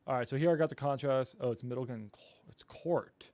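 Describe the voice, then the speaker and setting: A man's voice: medium pitch, fast talker, a little mellow. A man hosting a casual livestream, apologetic and flustered while he fights his equipment and talks to viewers. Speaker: livestream host.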